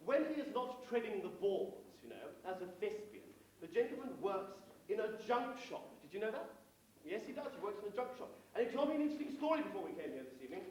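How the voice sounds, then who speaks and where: English guy hosting an old amateur variety show, high lively voice, far off in a big echoey hall. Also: fast, a little hiss or hum. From England. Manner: theatrical, mock-pompous storytelling. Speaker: compere telling jokes and singing. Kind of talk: stage patter and comic song. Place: amateur theatre stage, live audience. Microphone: far room recording. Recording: echoey distant hall recording.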